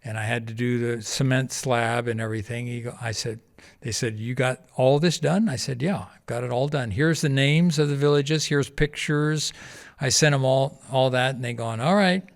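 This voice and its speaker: A man with an ordinary, middle-pitched voice tells a story in a relaxed interview. He talks in a lively way, acting out each person's lines and breaking into laughter as he goes. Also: moderate pace. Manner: animated anecdote-telling, acting out quoted voices, laughs often. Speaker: podcast guest, charity founder.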